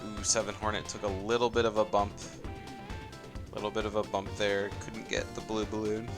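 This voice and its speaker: A man's voice: lowish voice, level tone, moderate pace. A man casting a live racing game tournament, chatty and laid-back, trailing off with fillers. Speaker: tournament caster. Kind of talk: live esports play-by-play commentary. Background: soft game music.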